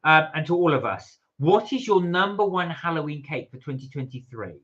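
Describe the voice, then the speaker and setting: A man's voice: fairly high pitch, expressive, moderate pace, a bit bright, highs cut off. A man co-hosting a casual live stream from home, chatty and jokey as he reads out viewer comments. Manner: chatty and jokey, laughing often. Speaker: livestream co-host reading viewer comments.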